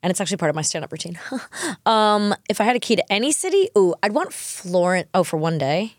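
A woman's voice: mid-range voice, big pitch swings, a little fast, no echo, clean studio sound. A middle-aged woman hosting a casual chat, playful and chatty, joking about herself. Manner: playful, chatty, self-deprecating. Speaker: host.

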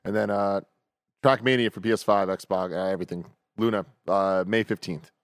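A man co-hosting a casual gaming news podcast, relaxed and chatty with lots of fillers. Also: on the low side, moderate pace, dry recording, clean studio sound. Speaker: podcast co-host.

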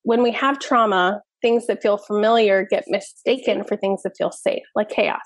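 A woman in her thirties, a parenting expert, telling stories in a lively, casual podcast chat full of fillers. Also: mid-range voice, normal speed, dry recording. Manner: animated storytelling, many fillers.

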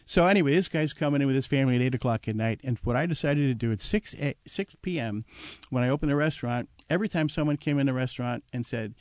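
An older man spins a lively anecdote from his past, slipping into quick acted voices and chuckling as he goes. His voice sits at a middle pitch and sounds dry and close, with no room around it. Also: no echo. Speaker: guest telling his life story. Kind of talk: casual storytelling.

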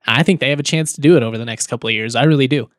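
A man hosting a sports podcast, talking in a relaxed, chatty way with fillers and small chuckles. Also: medium pitch, very fast, dry recording, clean studio sound. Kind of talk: casual podcast talk and read ad.

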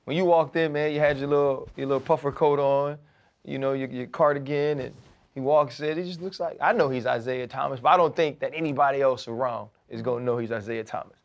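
A man hosting a podcast, telling a story in a casual, slangy, animated way. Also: mid-range voice, a little fast. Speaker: podcast host.

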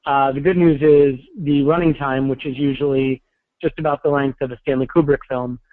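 A man's voice: medium pitch, fairly even intonation, moderate pace, no echo. A man hosting a podcast in a wry, joking manner, calling in on his phone. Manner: wry, joking, self-deprecating. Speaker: podcast host. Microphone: cell phone call-in. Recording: tinny phone line.

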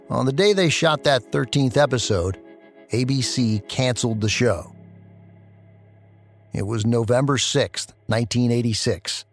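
A man giving measured, scripted documentary narration. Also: mid-range voice.

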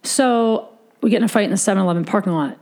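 A woman's voice: mid-range voice, quick pace, a little mellow. A young adult woman hosting a podcast, telling a dramatic story in casual, profane chat. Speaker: podcast host.

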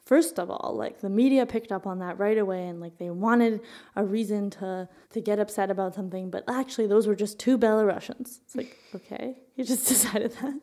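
A woman's voice: mid-range voice, fairly even intonation, fairly quick, few pauses, dark tone. A woman co-hosting a podcast, explaining things in a rambling, casual way while searching for words. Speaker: podcast co-host.

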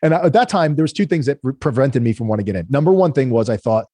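A man, a guest entrepreneur telling animated stories in a casual interview, acting out the voices of the people he quotes. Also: medium pitch, racing, dry recording. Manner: animated storyteller, acts out quoted voices, frequent "right?".

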